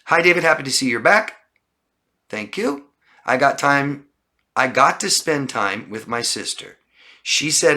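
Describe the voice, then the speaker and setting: Emphatic man coaching live, bright voice. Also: medium pitch, animated, a little slow. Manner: emphatic, repeats lists of words and asks "okay?". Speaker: relationship coach. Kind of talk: live-stream Q&A, reading and answering viewer comments.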